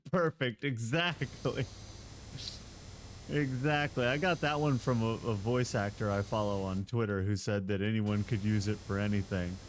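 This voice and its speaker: A male streamer chats loosely with his viewers, breaking into giggles as he goes. He talks at an unhurried, drawn-out pace into a desk mic, with a faint hum underneath. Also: mid-range voice. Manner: playful and giggly, laughs often. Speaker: live streamer. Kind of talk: casual stream chat with viewers.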